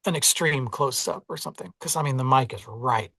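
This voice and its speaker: A man with a Southern US accent talks in a relaxed, reflective way, hedging and laughing at himself. The sound is dry and close, with no room behind him. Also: mid-range voice, a little fast, vocal fry, no echo. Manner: reflective, self-deprecating, many "like" and "you know". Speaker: audiobook narrator, interview guest. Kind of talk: casual interview conversation.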